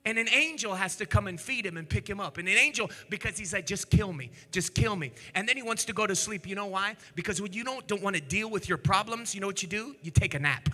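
A man preaching an energetic sermon as a pastor, animated, swinging between shouts and hushed storytelling. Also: high voice, quick pace, few pauses. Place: church sanctuary. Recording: echoey church hall.

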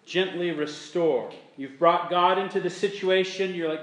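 A man's voice: sits high, measured pace, few pauses, a bit bright, echoey room. A man preaching a sermon as a pastor, earnest, repeating his key points and acting out sample apologies. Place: church sanctuary.

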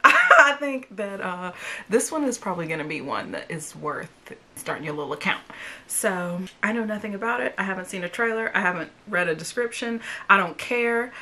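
Laughing Southern woman with a lively voice. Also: medium pitch. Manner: chatty, laughs often, playful. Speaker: movie reaction host. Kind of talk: casual reaction vlog chat.

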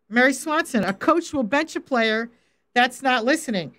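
On her livestream, this middle-aged faith coach teaches from the Bible and addresses chat viewers in a firm, direct way. She speaks at normal speed in a high, slightly bright voice with lively intonation.

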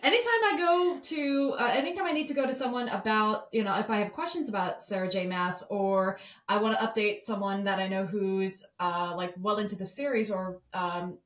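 A woman's voice: mid-range voice, fairly bright tone. Chatty woman podcast host, roomy sound. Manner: chatty and quick, with frequent restarts. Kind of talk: casual book chat. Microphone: remote recording software.

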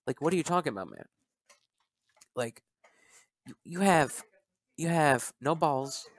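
A young man delivers an angry callout rant, profane and heated. He stumbles and repeats words as he pushes on. His voice sits a little high and sounds dry and close. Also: fairly bright tone, no echo. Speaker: video creator.

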